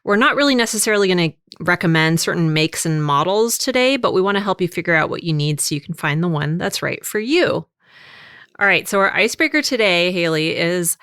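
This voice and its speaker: A woman's voice: lowish voice, fairly bright tone, smooth, dry recording. American woman, podcast host, casual chat, frequent laughs, dead dry recording. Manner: laughs often while talking.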